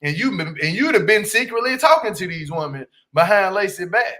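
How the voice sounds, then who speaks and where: A man hosting a casual livestream review of a reality show, animated and slangy, laughing and talking straight to his viewers. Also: high voice, normal speed, rough recording. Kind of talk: casual commentary.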